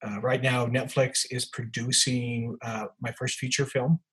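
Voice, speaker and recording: Older guy author on a podcast, husky voice, rambling story with lots of ums. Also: medium pitch, flat delivery, unhurried, a bit bright, low-quality recording. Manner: rambling anecdotes with many restarts and fillers. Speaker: author and guest.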